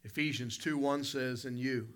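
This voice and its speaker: A man preaching a sermon as pastor, telling a story in an animated way with sudden loud bursts. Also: medium pitch, moderate pace.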